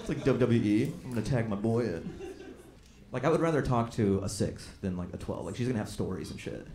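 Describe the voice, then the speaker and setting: A man performing a stand-up comedy set on a club stage, talking conversationally and jumping into loud acted-out quotes for punchlines. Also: mid-range voice, animated, quick pace. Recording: echoey club room with crowd noise. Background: audience laughter.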